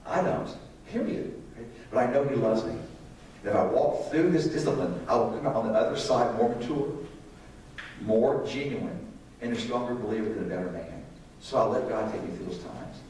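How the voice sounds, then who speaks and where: A man's voice: lowish voice, brisk, darkish tone. A middle-aged preacher talks through a sermon in a plain, conversational way and keeps asking his listeners questions. His voice carries through a very echoey sanctuary from well off the mic, with a faint hum of room noise behind him. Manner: conversational, asks the congregation questions. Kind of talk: sermon on parenting. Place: church sanctuary. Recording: echoey hall, distant mic.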